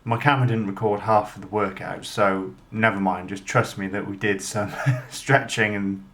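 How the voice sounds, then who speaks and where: A man's voice: on the low side, fairly even intonation, moderate pace, a bit bright, soft background music. A man vlogging casually to camera, chatty and self-deprecating. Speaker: motorcycle vlogger.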